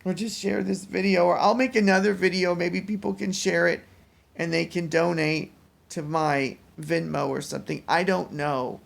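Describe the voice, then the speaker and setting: Weary man with a very gravelly voice. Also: sits high, fairly even intonation. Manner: weary, rambling, halting restarts. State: mentally exhausted. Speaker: vlogger. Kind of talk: casual personal vlog.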